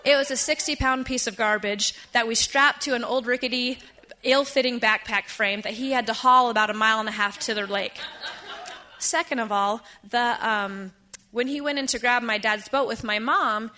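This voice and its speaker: A woman in her thirties telling a personal story to a live audience, chatty and lively with quick asides. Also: fairly high pitch.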